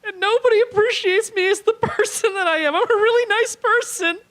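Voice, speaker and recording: A man voicing a weepy, lonely woman dominatrix in her forties during a stand-up set, in a high wailing falsetto. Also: a little fast, a bit bright. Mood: tearful. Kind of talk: stand-up comedy. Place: small comedy club stage.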